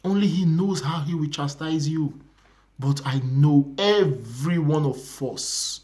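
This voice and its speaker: A man's voice: a little high, animated, a little slow. Young Nigerian man preaching earnestly. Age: young adult. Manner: earnest, repetitive preaching that drops to hushed whispers. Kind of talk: sermon.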